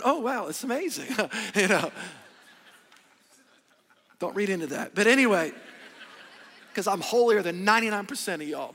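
A man preaching a sermon as pastor, animated and calling on the congregation to answer back. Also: high-pitched. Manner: animated, call-and-response with congregation. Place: large church hall. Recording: echoey church hall.

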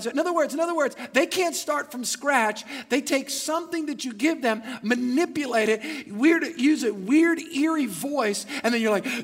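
A male pastor preaching a sermon in church, retelling the story with animated acted-out voices. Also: very high voice, moderate pace, few pauses. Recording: long church hall reverb.

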